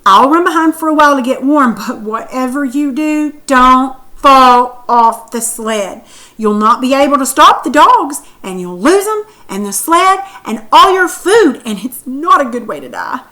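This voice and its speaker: Woman voicing a dog-sled musher, bright voice, urgent warning tone, storybook reading. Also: sits high, animated, unhurried, heavily acted. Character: gruff adult male dog musher, warning.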